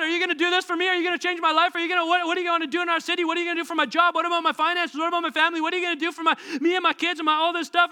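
A man's voice: very high voice, bright, forceful tone, voice pushed up, full character voice. A man voicing a frantic, overwhelmed believer who pleads with God and piles up questions. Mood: eager questioning.

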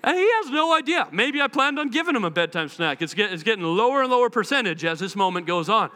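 A man preaching a sermon in a conversational, animated way, acting out the quotes he tells. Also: high voice, fast, in a large hall. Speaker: pastor.

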